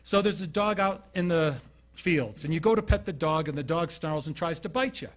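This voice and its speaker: A man's voice: a little high, lively intonation, normal speed. A man from Utah giving a motivational keynote talk, telling stories conversationally and asking the audience questions. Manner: conversational storytelling, asks the audience questions, acts out scenes. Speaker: keynote speaker.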